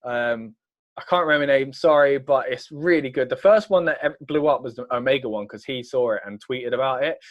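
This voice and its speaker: A man's voice: mid-range voice, fairly quick, highs cut off. A man co-hosting a casual wrestling reaction chat, rambling and trailing off mid-sentence. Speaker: co-host.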